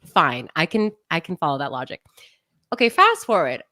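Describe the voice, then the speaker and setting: A young adult woman co-hosting a podcast in casual chat, animated and often laughing, mock-exasperated as she rants. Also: low voice, moderate pace, no room sound, studio quality. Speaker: podcast co-host.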